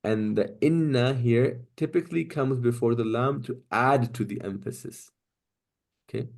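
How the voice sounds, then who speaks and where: A male teacher in a live class walks students through Arabic grammar at a steady, medium pitch. He stops often to check they follow, with a quick "right?" or "okay?". He reads short Arabic verses in a fast, practiced rush. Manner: patient, checks understanding with frequent "right?" and "okay?".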